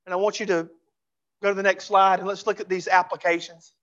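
A pastor preaching a sermon in a church, fervent and repeating phrases for emphasis, dropping to a hush for closing pleas. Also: mid-range voice, little pitch movement, fairly quick, lo-fi sound. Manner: drops to a hushed voice for closing pleas. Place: church sanctuary.

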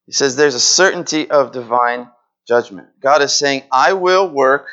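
A man's voice: medium pitch, moderate pace, fairly bright tone, lo-fi sound. A man preaching a sermon in an earnest way, repeating phrases and acting out pleading prayers.

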